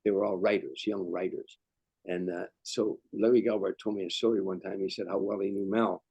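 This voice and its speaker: Low-voiced older man telling stories. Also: steady tone, brisk, vocal fry, dark tone, husky, no echo, rough recording. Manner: rambling, repeats words, restarts. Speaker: guest comedian. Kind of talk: anecdotal storytelling.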